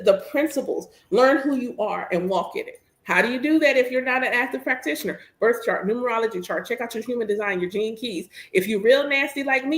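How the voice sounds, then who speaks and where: A woman in her thirties, a priestess, chatting casually and candidly while she works, playful and animated. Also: on the high side. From United States. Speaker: priestess and host. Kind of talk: casual chat while working. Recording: echoey room.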